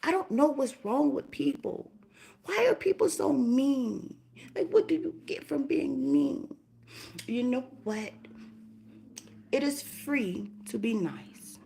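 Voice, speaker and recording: Profane ranting young woman with gravelly voice. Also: high voice, lively intonation, takes it slowly, mellow. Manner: blunt, profane, rhetorical questions. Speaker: livestreamer. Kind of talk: casual livestream rant.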